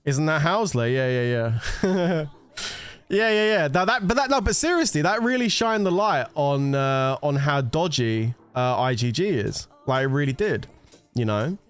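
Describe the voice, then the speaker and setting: A man's voice: a little high, big pitch swings, unhurried, smooth. A man in a casual gaming rant, swearing, rambling and laughing as he talks to his viewers. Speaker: gaming content creator.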